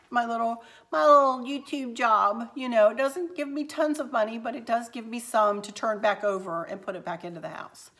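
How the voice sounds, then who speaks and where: A woman's voice: a little high, a bit bright. Chatty lady crafter, middle-aged, folksy and rambly, talking to her viewers. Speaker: craft channel host. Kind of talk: casual haul vlog chat.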